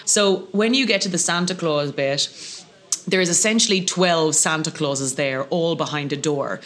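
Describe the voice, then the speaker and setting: Bright-voiced man telling comic stories. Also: fairly high pitch, moderate pace. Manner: lively, self-mocking, animated anecdotes. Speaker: podcast guest. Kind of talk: casual comic storytelling.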